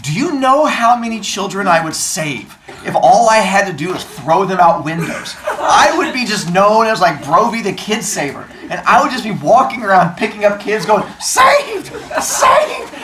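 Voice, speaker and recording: A male teacher reading a novel aloud to his class, then discussing it in an animated, jokey way and acting out the scenes. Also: high-pitched, normal speed, few pauses, echoey room, background noise.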